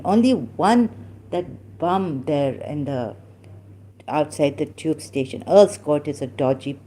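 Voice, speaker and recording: A woman from Pakistan, telling a personal story in a halting way, full of restarts and fillers and the odd Urdu phrase. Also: fairly low pitch, mellow.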